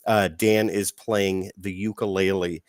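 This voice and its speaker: A man hosting a live comic book stream, announcing in a playful showman style with big swings in loudness. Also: deep voice, little pitch movement, a little slow, no room sound, studio quality. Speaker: host. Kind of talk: hyped show-host patter.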